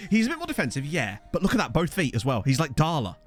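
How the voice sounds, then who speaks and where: A man's voice: on the high side, huge pitch swings, fast, soft background music. A man doing live-stream commentary on a game, chatty and giggly, swearing freely into a desk microphone. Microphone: desk USB condenser mic.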